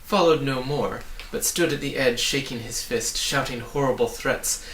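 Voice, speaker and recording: A man reading a children's book aloud, his narration lively and expressive. His voice is bright and crisp, and the echoey room he records in gives it a noticeable ring. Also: medium pitch, moderate pace, slight background noise. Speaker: reader. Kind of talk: storybook read-aloud.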